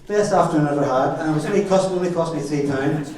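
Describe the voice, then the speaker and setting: A man's voice: a little high, quick pace, a little mellow. A middle-aged man with a Northern Irish accent giving a father-of-the-bride wedding speech, telling jokey stories with chuckles. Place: wedding reception hall. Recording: very echoey hall, far from the mic.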